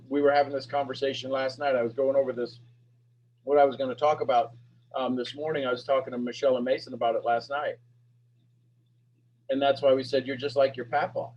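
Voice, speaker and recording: A man coaching a sales master class, firing emphatic, repetitive questions at his audience and pushing his voice up toward a shout. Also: mid-range voice, lo-fi sound. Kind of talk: animated teaching talk to an online audience.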